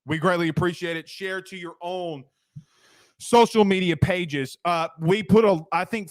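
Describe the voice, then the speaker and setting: A man hosting a casual sports talk show, chatty and energetic, pitching sponsors and urging listeners to like and share. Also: no room sound, clean studio sound.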